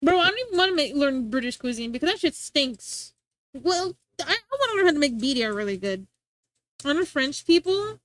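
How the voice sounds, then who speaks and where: A young woman streams and chats casually in a slightly high voice. She rambles, restarts her sentences and reacts to her chat. The sound is dry and close to the mic. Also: very animated, a little fast, a bit bright, dry recording.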